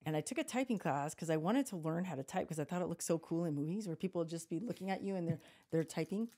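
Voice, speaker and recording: Gravelly-voiced woman telling animated stories. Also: fairly low pitch, quick pace. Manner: animated storyteller, swears freely, quotes people in acted voices. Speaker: podcast co-host. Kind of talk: casual chat.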